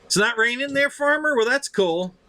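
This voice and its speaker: A man in his fifties hosts a live stream, chatting and telling stories in an animated, salty way. His voice sits high and swings widely in pitch. The tone is bright and forward. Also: moderate pace. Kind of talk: casual storytelling on a live stream.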